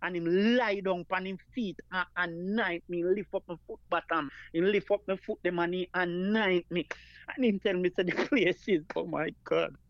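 High-voiced Jamaican man telling a heartfelt story. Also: steady tone, normal speed, no room sound, lo-fi sound. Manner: earnest, repeats phrases, calls the listener "man of God". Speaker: guest performer.

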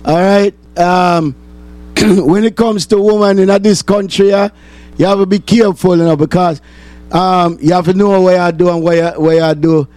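A man's voice: sits high, steady tone, normal speed, a little mellow, clean tone, dry recording. A man hosting a call-in talk show, rambling and repeating himself for emphasis.

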